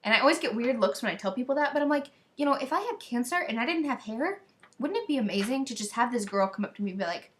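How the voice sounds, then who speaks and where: A teenage girl from the United States, chatting excitedly to camera in a rambling, scattered way. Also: fairly high pitch, fast talker. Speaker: vlogger. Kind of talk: casual chat to camera.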